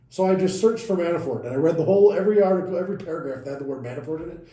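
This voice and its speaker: A podcast co-host with a fairly high, warm, animated voice talks very fast, casually walking through events step by step and correcting himself along the way. The room sounds roomy and echoey.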